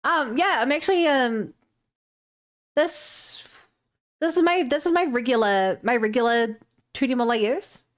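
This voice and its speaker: A woman's voice: high voice, measured pace, long pauses. A young woman streamer chatting casually with viewers while she works on her art, rambling and greeting people with plenty of "um"s and restarts. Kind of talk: casual live-stream chat while drawing and rigging.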